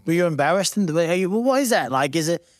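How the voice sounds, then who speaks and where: A man's voice: fairly high pitch, lively intonation, fast, no room sound, clean studio sound. A man hosting a casual interview, asking eager, probing questions. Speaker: host.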